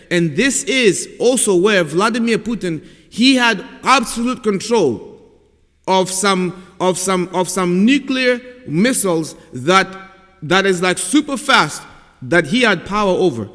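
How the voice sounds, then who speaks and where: A man recounting a prophetic vision in a halting, repetitive, earnest way. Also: high voice, fairly bright tone, in a large hall. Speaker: self-styled prophet.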